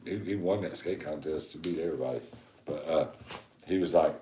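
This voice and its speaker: Middle-aged man, very low voice, laid-back, roomy echo. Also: fairly quick, warm tone, a little hiss or hum. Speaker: podcast co-host. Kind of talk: casual chat.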